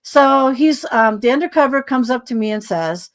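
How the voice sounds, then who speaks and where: A woman, a podcast guest, telling a long story in a rambling, animated way with many asides. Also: sits high, normal speed.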